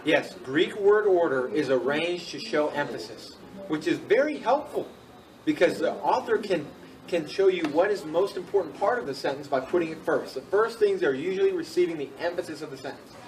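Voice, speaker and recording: Teacher, fairly high voice, patient and repetitive, recorded from across the room. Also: male voice, expressive, a little fast, far from the mic, low-quality recording. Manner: patient, repeats key points, checks in with students. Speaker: Greek teacher. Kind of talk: classroom teaching. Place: classroom.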